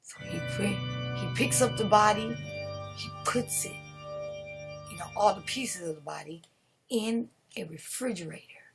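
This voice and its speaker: A woman's voice: mid-range voice, measured pace, creaky, pauses often, music in the background, poor audio. A woman live streaming, telling a horror story in a rambling way, with restarts and dips into whispers.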